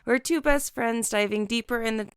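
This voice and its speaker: A woman co-hosting a casual podcast, giggly and self-mocking, swearing freely as she chats. Her voice is smooth and resonant, at an everyday pitch, recorded close and dry. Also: normal speed, no echo. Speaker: podcast co-host. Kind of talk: casual chat.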